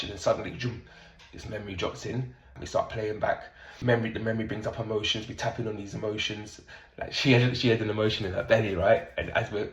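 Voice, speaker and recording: A middle-aged man talking through a casual stream-of-consciousness monologue as a somatic coach, blunt and animated, swearing often. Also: fairly low pitch, echoey room, rough recording.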